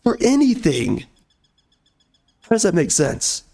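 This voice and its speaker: A man giving casual gameplay commentary, ranting bluntly in a hoarse voice and dropping mild minced swears. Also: sits high, wildly swooping pitch, slow pace, dark tone.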